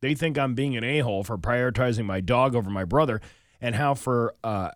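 A man's voice: medium pitch, a little fast, no room sound. A man hosting a morning radio show, reading listener posts aloud and chatting about them with a co-host in a studio.

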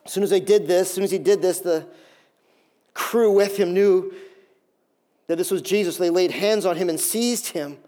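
A middle-aged male pastor giving an animated sermon, acting out scenes with quick voices. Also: high-pitched.

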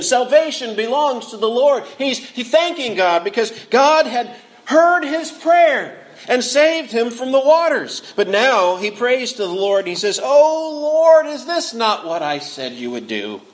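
A man with a notably high voice delivers a sermon in an earnest, expressive way. He often repeats words mid-sentence, and he brings the quoted lines to life with feeling. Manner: frequent word repeats. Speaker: preacher.

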